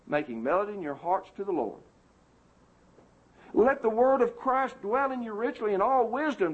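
A man preaching an emphatic, indignant sermon to a congregation, recorded on a muffled lo-fi tape. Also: high voice.

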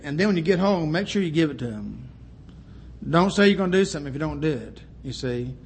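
An older male preacher with a fairly high voice delivers a homespun sermon. He mixes teaching with stories from his own family, dropping in casual asides as he goes. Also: breathy edge. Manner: folksy, anecdotal, with many "you know" asides.

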